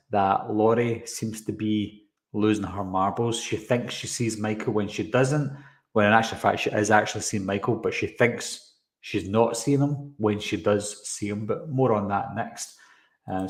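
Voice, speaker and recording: A man with a fairly low voice hosts a casual live stream and talks loosely as he breaks down a trailer. He often drifts off topic and stops to answer viewers' comments. His voice rings with the echo of a roomy space. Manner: rambling, goes off on tangents, reads and answers chat comments. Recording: roomy echoey room sound.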